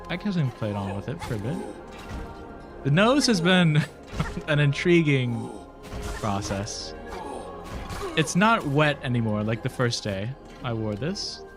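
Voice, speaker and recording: A young man with a nasal voice, rambling casually while streaming a game, laughing often and swearing now and then. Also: mid-range voice. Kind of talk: casual gaming stream chat.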